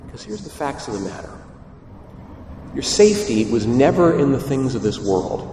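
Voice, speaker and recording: A man preaching a sermon as a priest, lively and full of rhetorical questions. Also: mid-range voice, a little hiss or hum. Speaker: Catholic priest. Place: church. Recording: echoey church heard from far off.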